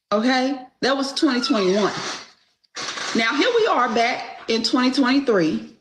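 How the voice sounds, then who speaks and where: A woman's voice: high-pitched, lively intonation, measured pace, a bit bright, reverberant, a little hiss or hum, low-quality recording. A woman telling a story in a casual monologue, dramatic and blunt, retelling conversations and swearing freely.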